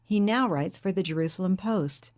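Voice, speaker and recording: A woman reading a stately, enthusiastic woman scientist in an audiobook, eager and warm in manner. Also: on the low side, normal speed, natural voice.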